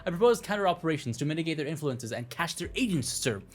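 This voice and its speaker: A man's voice: on the high side, lively intonation, fast. Man reading as a stiff, formal secret service chief. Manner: tacks a clipped "sir" onto every sentence.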